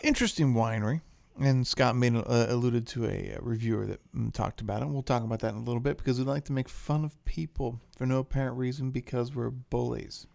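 A man's voice: mid-range voice, brisk, vocal fry, darkish tone. A man hosting a casual wine podcast, joking and rambling as he talks. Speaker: podcast host.

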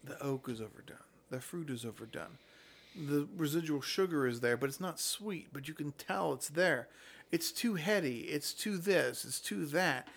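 A man's voice: fairly high pitch, lively intonation, moderate pace, gravelly, fairly bright tone, breathy edge. A man with a somewhat raised voice talks wine in a loose, blunt way. He's opinionated and swears freely when something bothers him. The delivery is casual and conversational. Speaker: podcast host. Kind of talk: casual chat about wine.

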